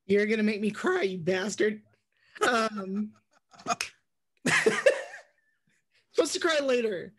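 A woman's voice: mid-range voice, lively intonation, slow, pauses often, breathy edge. Teasing, laughing woman player. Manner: teasing, laughing, near tears. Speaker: player and channel owner. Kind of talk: casual chat.

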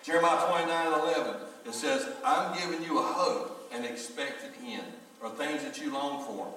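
Heard distantly in an echoey church hall, this middle-aged pastor preaches to his congregation in the sanctuary, speaking straight to them through folksy stories. His pitch is fairly high, his pace moderate, his tone sharp.

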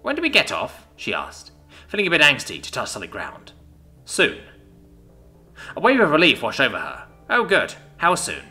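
A man narrating a story in an expressive, animated reading voice. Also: medium pitch. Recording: soft background music.

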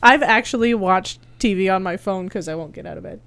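A woman co-hosting a casual chat show, chiming in with quick wisecracks and easy laughs. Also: mid-range voice, a bit bright, clear, resonant tone. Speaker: podcast co-host.

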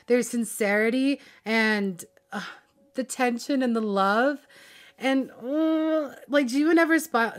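A young woman gushing in casual chat about a show she loves, swearing freely and filling her talk with "like". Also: on the high side. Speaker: vlogger reviewing a drama.

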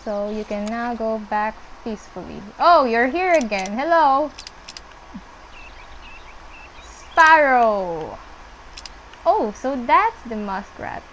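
A young woman casually commenting on her gameplay, chatting to the animals on screen and squealing when excited. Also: on the high side, unhurried, hardly any pauses, a little hiss or hum, rough recording. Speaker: gameplay streamer.

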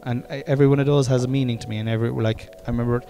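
A man's voice: mid-range voice, fairly even intonation, very fast, dark tone, soft background music. A man in his forties with an Irish accent, hosting a casual podcast chat, rambling with many restarts and the odd curse. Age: 40s. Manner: rambling, swearing, stop-start sentences. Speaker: podcast host.

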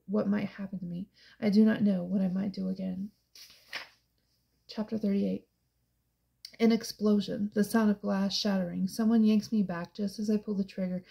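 A woman reading a first-person novel aloud as an audiobook narrator, in a hushed, tense and emotional way. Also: mid-range voice, gravelly, lo-fi sound.

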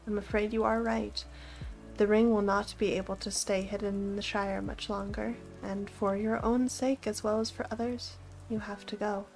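A woman voicing a stern old male wizard, speaking slowly and with deliberate emphasis, reading a storybook aloud. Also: medium pitch, little pitch movement, creaky, a little mellow, faint music behind, close to an everyday voice, low-quality recording. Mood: earnest.

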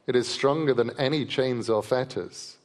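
A man's voice: medium pitch, moderate pace, natural voice. A man playing a cunning old king of the gods. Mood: firm. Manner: persuasive, needling. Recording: long reverb of a large festival hall.

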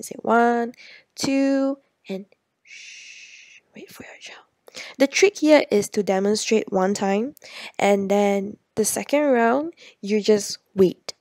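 A woman's voice: medium pitch, gravelly, darkish tone, no room sound, studio quality. A woman giving patient instructional advice to parents, breaking into sing-song counting demonstrations. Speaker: parent educator.

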